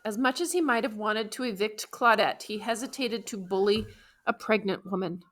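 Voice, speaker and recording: Brief: female audiobook narrator, bright clear tone, measured, emotive first-person reading. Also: mid-range voice.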